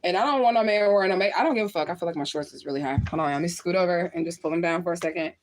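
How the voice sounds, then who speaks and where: A woman's voice: fairly low pitch, racing, slight background noise. A woman, a spiritual medium, chatting casually on a livestream, reading viewer comments and talking bluntly with lots of swearing and laughter. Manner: blunt, profane, laughs often.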